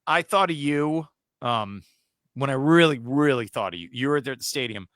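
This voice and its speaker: A man hosting a sports talk show, ranting excitedly and correcting himself as he goes. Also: mid-range voice, normal speed, no echo. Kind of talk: casual sports chat.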